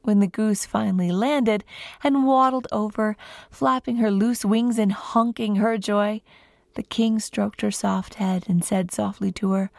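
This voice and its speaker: A woman guest storyteller telling a folk tale to children in an expressive, lilting way, close to the mic. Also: mid-range voice, unhurried, gravelly, no echo.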